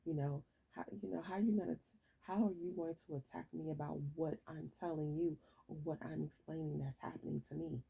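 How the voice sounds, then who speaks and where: Low, gravelly, sleepy woman ranting. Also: fairly even intonation, brisk, mellow, rough recording. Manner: frustrated, rambling, with frequent restarts and profanity. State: sleepy, yawning. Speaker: vlogger. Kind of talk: late-night casual rant to camera.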